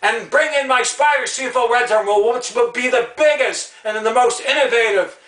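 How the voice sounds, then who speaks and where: A man's voice: very high voice, fairly quick, a bit bright, roomy sound, recorded from a distance, rough recording. A man from Canada ranting angrily in a video, repeating himself and stumbling over restarts. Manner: angry, repetitive, stammering restarts. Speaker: video ranter about football rules. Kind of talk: heated solo rant video.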